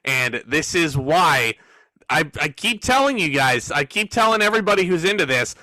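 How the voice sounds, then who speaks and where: A man with a fairly high, bright, forceful voice hosts a loose, jokey podcast chat with plenty of sarcasm. His sound is close and dry, with no room around it. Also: sing-song, moderate pace, no echo. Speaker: podcast host. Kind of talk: casual wrestling review chat.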